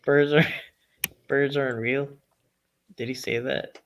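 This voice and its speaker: A man's voice: mid-range voice, flat delivery, slow pace, a little hiss or hum. A young man from Massachusetts co-hosting a podcast in casual chat, rambling through tangents and laughing often.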